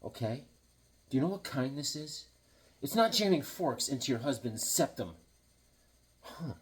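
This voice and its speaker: A man's voice: mid-range voice, lively intonation, unhurried, husky. A tired man hosting a comic collecting channel from his home comic room, telling stories in a jokey, rambling way. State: tired from lack of sleep. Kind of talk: casual rambling storytelling.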